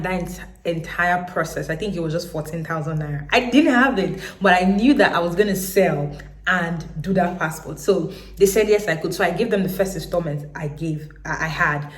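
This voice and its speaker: A Nigerian woman in her thirties, telling her own story to camera in a lively way. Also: lowish voice, reverberant. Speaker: business owner.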